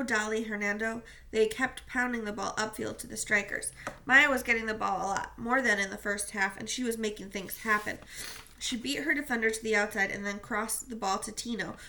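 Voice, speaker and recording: A woman's voice: on the high side, sharp tone. A woman reading a novel aloud, telling the story steadily in the first person. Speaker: reader.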